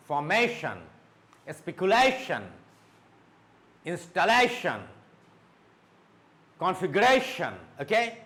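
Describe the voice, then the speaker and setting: Tutor, male, slightly high voice, drills words slowly, mixes in Hindi. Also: fairly bright tone. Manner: slow, repeats words and says okay often; mixes Hindi explanations into English. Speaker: English teacher. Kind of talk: spoken English lesson.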